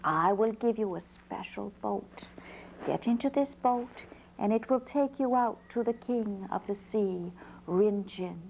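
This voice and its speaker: A storyteller voicing a wise old man in a folk tale, speaking in a hushed, whispery tone. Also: high voice, measured pace, gravelly, slight background noise, poor audio. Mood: kindly.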